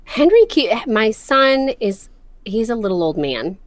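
A woman in her thirties co-hosting a casual chat, reacting quickly and expressively. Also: fairly high pitch, sing-song, no room sound. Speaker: co-host.

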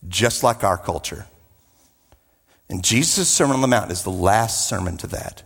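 A man preaching a sermon, emphatic, with drawn-out repetitions and joking asides. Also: fairly low pitch, animated, creaky, slightly rough, in a large hall.

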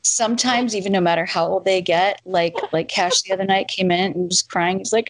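A woman in her thirties chatting with family from her home office, with warm reactions. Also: lowish voice, fairly even intonation, fairly quick, no room sound. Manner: warm, reacts with gasps and exclamations. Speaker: mother. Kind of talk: casual chat among family. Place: home office, on a video call.

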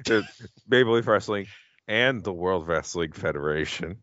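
A man's voice: low-pitched, expressive, moderate pace, a bit bright, dry recording, lo-fi sound. A man co-hosting a podcast, chatting casually and laughing as he jokes about an old video. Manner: laughing, rambling, joking. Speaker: podcast co-host. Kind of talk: casual chat over a video.

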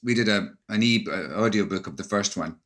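Scottish man, thoughtful and halting. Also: fairly low pitch, a bit bright. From Scotland. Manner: thoughtful, many restarts and hesitations. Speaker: actor and author guest. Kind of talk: interview conversation.

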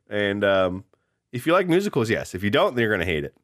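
Young male podcast co-host, mid pitch, lively delivery, laughs often. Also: fairly quick. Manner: animated, laughing, exclaims in bursts. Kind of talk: casual chat.

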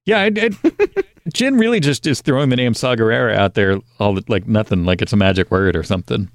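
A man talks through his thoughts on a podcast, pausing often and filling the gaps with ums. His pitch moves around a lot. He is recorded close and dry. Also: expressive, no echo. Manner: hesitant, many ums. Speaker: podcast co-host. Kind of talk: casual chat.

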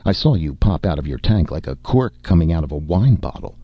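A man voicing a big gruff barbarian warlord with a deep, rumbling voice, rueful and amused. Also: lively intonation, fairly quick, no echo. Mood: gently gruff. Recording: dull lo-fi recording.

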